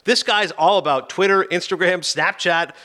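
Speaking at a moderate pace in a high voice, a film reviewer on a talk show chats informally and brings scenes to life, performing them with quoted voices in an animated way.

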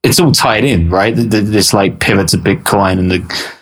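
A man's voice: on the low side, normal speed. A male podcast host in casual conversation, loose and chatty, adding tag questions. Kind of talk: casual chat.

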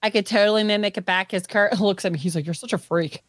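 A woman's voice: mid-range voice, fast, no echo. A woman co-hosting a podcast, chatting loosely, rambling and full of filler words. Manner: rambling, filler-heavy, giggly. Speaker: podcast co-host. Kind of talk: casual chat.

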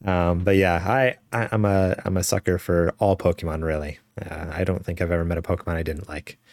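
A man's voice: low-pitched, steady tone, a little fast, a little mellow, no echo, studio quality. A man co-hosting a casual gaming news podcast, enthusiastic, laughing often and reading news stories aloud over a call. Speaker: podcast co-host.

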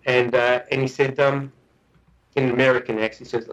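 Aussie guy telling a long story, keeps restarting, laughs a lot, middle pitch. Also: brisk, crowd noise, low-quality recording. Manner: chatty, animated storyteller with frequent restarts and laughs. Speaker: guest researcher. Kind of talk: casual storytelling.

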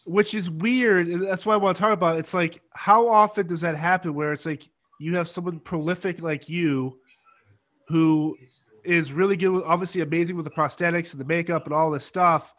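A man's voice: on the high side, fairly even intonation, brisk, a bit bright. A man interviewing a guest, asking long, rambling questions full of filler words. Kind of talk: casual interview.

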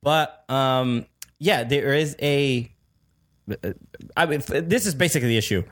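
A man co-hosting a podcast in casual chat, halting with many restarts and laughing easily. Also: mid-range voice. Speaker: podcast co-host.

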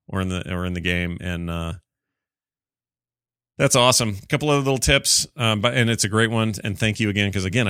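A man with a fairly low voice hosts a casual solo gaming podcast, reading out listener emails and riffing on them. He rambles and restarts, pokes fun at himself, and sounds close to the mic in a dry, dead room. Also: a bit bright, clear, resonant tone, no echo. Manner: chatty, self-deprecating, rambling with restarts. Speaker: podcast host.

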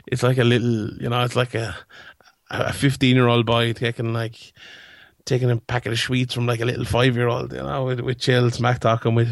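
Rambling young podcast host. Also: male voice, medium pitch, vocal fry, dry recording, clean studio sound. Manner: rambling, many fillers and restarts. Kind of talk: casual sports podcast chat.

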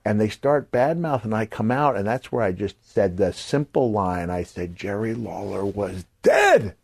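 An older man hosting a podcast, telling animated stories and acting out the voices of people he quotes, sometimes jumping to a shout for a punchline. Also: on the low side, a little slow, vocal fry, breathy edge, dry recording. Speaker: podcast host. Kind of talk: casual storytelling.

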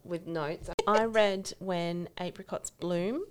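A woman's voice: lowish voice, steady tone, slow, slight background noise. A woman co-hosting a podcast, chatting casually about books she has read and laughing often. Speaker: podcast co-host. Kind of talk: casual book chat.

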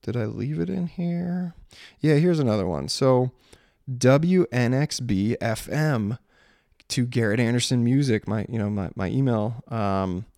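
Dry, gravelly-voiced casual man. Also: mid-range voice, animated, a little slow, dark tone, no echo. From Maryland. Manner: rambling, self-interrupting, sarcastic about spam. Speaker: singer-songwriter vlogger. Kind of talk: casual chat.

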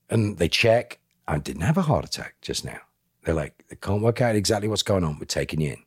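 A man, a podcast guest, telling a personal story in an animated way and acting out other people's lines. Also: on the low side, moderate pace, breathy edge, dry recording, studio quality. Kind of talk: emotional storytelling.

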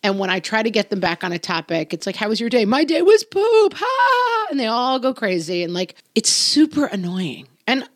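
A woman's voice: mid-range voice, fairly quick, hardly any pauses, no echo, clean studio sound. A middle-aged woman co-hosting a podcast, chatting casually and acting out scenes from home with her kids. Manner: animated storytelling, acts out scenes. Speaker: podcast co-host. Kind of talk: casual chat.

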